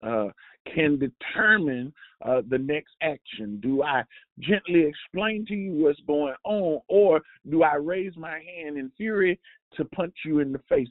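Hosting a devotional show, a man with a fairly high voice preaches a sermon slowly, halting and restarting often with plenty of fillers. He hammers his points home with a repeated refrain. The sound is tinny and phone-like, dry with no room sound.

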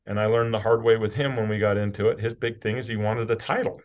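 Blunt, plain-spoken business owner, lower voice. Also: male voice, steady tone, fast. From rural Utah, USA. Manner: blunt, casual, peppered with swearing. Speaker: company CEO, podcast guest. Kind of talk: candid conversational interview.

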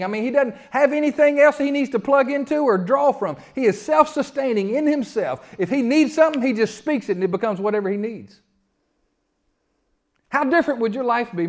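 A middle-aged man preaching to his church in a relaxed, conversational way. His voice sits high for a man, and he swings from punchy, raised emphasis down to near-whispered asides. He sounds like a pastor talking plainly with his congregation from the front of the sanctuary. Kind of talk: sermon.

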